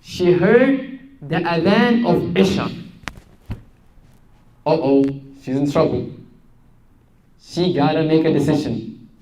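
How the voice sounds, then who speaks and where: A male preacher with a high voice tells a story as a sermon, building to dramatic rises and putting questions straight to his listeners. The recording carries a clear echo from the room. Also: slow, pauses often, darkish tone, recorded from a distance. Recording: echoey room.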